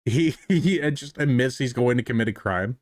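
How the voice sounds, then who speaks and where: A man's voice: mid-range voice, lively intonation, moderate pace, noisy background. A man giving casual reaction commentary on police footage, amused and profane, laughing often.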